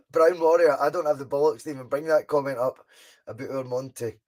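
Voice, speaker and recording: A young Scottish man runs a live fan watchalong, his voice pitched a little high for a man. He chats casually, calls the action with excitement and answers viewers' comments, with the odd swear word thrown in. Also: moderate pace. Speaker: podcast host doing a live fan watchalong.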